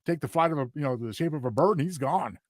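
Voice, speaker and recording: A man co-hosting a casual review podcast, explaining his points in a relaxed way. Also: fairly high pitch, fast, no room sound, studio quality. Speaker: podcast co-host.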